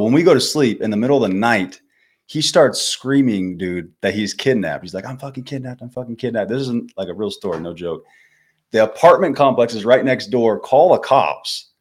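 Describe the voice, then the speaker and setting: Very deep-voiced young man, laid-back. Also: expressive, moderate pace. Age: 20s. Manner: laid-back, swears freely, says dude and bro. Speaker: guest. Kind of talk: casual storytelling.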